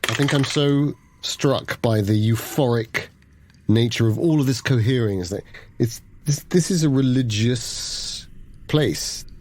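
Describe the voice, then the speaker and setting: A man's voice: mid-range voice, measured pace, a little mellow, a little hiss or hum. A man playing a tabletop game, slipping into theatrical, dreamy in-character speech. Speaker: player.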